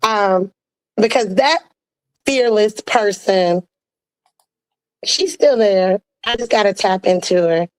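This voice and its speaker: A woman's voice: mid-range voice, slow pace, long pauses, rough recording. Chatty woman holding back tears. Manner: emotional, fighting back tears, laughing; playful, chatty with quoted asides. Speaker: podcast co-host. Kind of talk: casual heartfelt chat.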